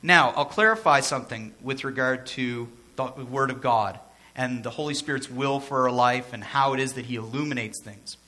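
A man's voice: medium pitch, normal speed, pushed and bright. A man preaching a sermon as pastor, in a conversational way with joking asides and phrases repeated for emphasis.

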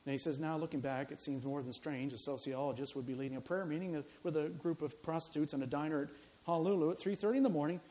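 A man preaching a sermon, telling a story in an animated, dramatic way full of quoted dialogue. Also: a little high, fast talker, poor audio.

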